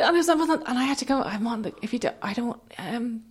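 An Irish woman chatting casually and telling a story, her voice sitting a touch high and swinging into big, loud jumps whenever she acts out what people said. She talks in an animated, expressive way. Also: brisk, slightly rough.

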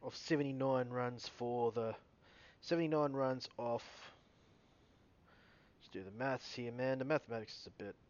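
A man's voice: medium pitch, moderate pace, pauses often, a little mellow, highs cut off. Man rambling through cricket stats. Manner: rambling, self-correcting, reading out stats. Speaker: cricket video host. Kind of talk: casual solo cricket recap.

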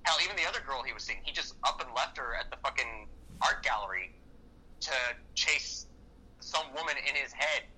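A man co-hosting a casual movie-review podcast, excitable and profane, often acting out lines from the film. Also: mid-range voice, a little fast, breathy edge, poor audio. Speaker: podcast co-host.

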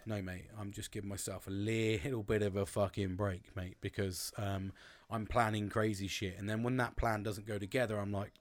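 Rambling, sweary bloke. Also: male voice, lowish voice, fairly even intonation, brisk. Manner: rambling, swears often, says "mate" a lot. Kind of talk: casual monologue.

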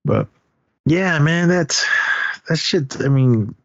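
A man's voice: on the high side, lively intonation, slow pace, vocal fry, no room sound, highs cut off. A man hosting a podcast, casually recapping a film in a rambling way, with lots of restarts and fillers. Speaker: podcast host.

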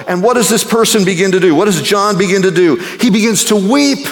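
A male pastor preaching a sermon. He swings between ringing exclamations and hushed, near-whispered passages. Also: high voice, brisk, few pauses. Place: church sanctuary. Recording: long reverb of a large hall.

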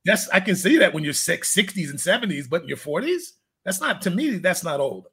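High, husky-voiced male fitness coach. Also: big pitch swings, a little fast, pushed and bright. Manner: candid, rambling storyteller who laughs at his own jokes. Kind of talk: casual interview chat.

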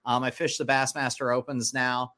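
Guy in his 30s on a podcast, normal pitch, rambles with lots of "like" and "uh". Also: flat delivery, normal speed, sharp tone. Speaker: podcast guest, angler. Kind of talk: casual interview.

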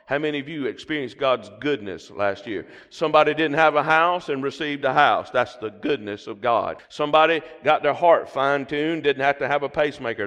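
A man's voice: mid-range voice, fairly bright tone. A middle-aged man with a Southern drawl delivers a sermon from the pulpit. His voice carries a long church reverb, and he keeps prompting the congregation to repeat after him. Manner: call-and-response preaching, prompting the congregation. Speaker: pastor. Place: church sanctuary.

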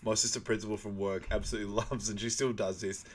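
A man's voice: on the low side, flat delivery, quick pace. A man co-hosting a casual podcast and walking through a film scene by scene. He laughs a lot and slips into goofy put-on voices whenever he quotes a line. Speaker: podcast co-host. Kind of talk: casual film recap chat.

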